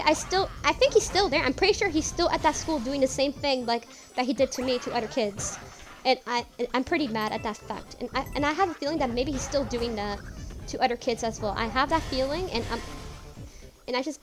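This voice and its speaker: A young woman chatting casually while streaming a game, rambling, repeating herself and swearing often. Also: high-pitched. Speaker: gaming streamer. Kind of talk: casual let's-play chat.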